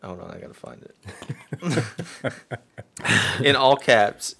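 A man's voice: medium pitch, lively intonation, takes it slowly, gravelly, fairly bright tone. A man co-hosting a casual podcast, laughing as he retells texts and stories. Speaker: podcast co-host. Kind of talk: casual chat.

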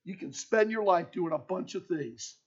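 A male preacher telling a story in a sermon to teenagers, swinging between hushed and loud, on a dull lo-fi recording. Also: sits high, animated, normal speed, breathy edge.

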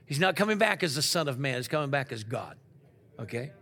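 A man preaching a sermon, asking the congregation questions and swinging from loud to quiet. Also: fairly high pitch, fast talker, creaky, slightly rough. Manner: animated preaching with call-and-response questions. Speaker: pastor.

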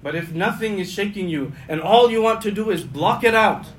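Animated and at a normal speed, a male imam gives his Friday sermon with passion, repeating key phrases and alternating between booming emphasis and hushed murmurs. The recording is low quality.

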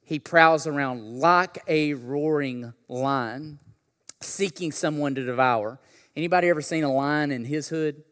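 Bright-voiced male preacher in a big hall. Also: a little high, measured pace, clear, resonant tone. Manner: builds from conversational to shouting preacher intensity; casual slangy storytelling. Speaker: pastor. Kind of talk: sermon.

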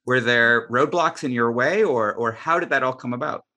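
A man's voice: medium pitch, normal speed, pushed and bright. A man interviewing a guest, friendly, often laughing while he talks. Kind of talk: conversational interview.

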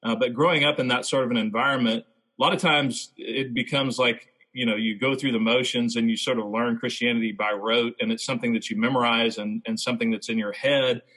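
A man, a former baseball player, telling his faith testimony as a podcast guest in a reflective, halting way. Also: mid-range voice, steady tone, bright, forceful tone, husky, low-quality recording.

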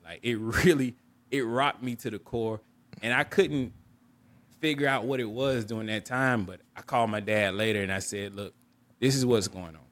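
A man's voice: lowish voice, fairly even intonation, normal speed, fairly bright tone. A man co-hosting a podcast, candidly telling a personal story in an earnest, reflective way and often restarting and repeating words. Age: adult. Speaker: podcast co-host.

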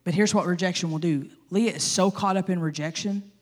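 A woman pastor delivering a sermon in a lively, joking, conversational way. She talks to the congregation directly and casually, with plenty of everyday slang. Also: fairly low pitch, fairly quick. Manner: animated, humorous, conversational.

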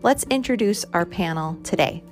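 A woman host introducing the show and the panel in a measured, welcoming way. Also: medium pitch, lively intonation, music in the background. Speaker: podcast host.

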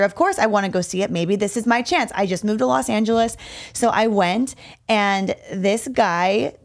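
A young adult woman in casual podcast chat, telling personal stories in a candid, expressive way and swearing freely. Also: mid-range voice.

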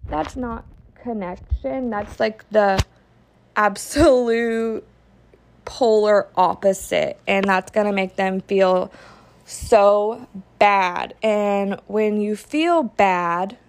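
A woman's voice: medium pitch, drawn-out words. A woman hosting a podcast, talking frankly and casually, often saying "like" and acting out what a parent might say. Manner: frank, peppered with "like", acts out quoted parent talk. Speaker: podcast host. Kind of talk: candid casual podcast monologue.

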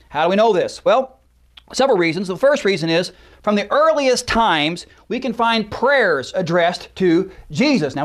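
High-voiced man explaining scripture. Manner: explanatory, stresses key words, cites verses. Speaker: teacher. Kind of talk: apologetics lecture.

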